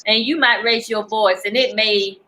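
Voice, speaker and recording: Earnest bright-voiced woman panelist. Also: mid-range voice, fairly even intonation, moderate pace. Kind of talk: casual panel talk.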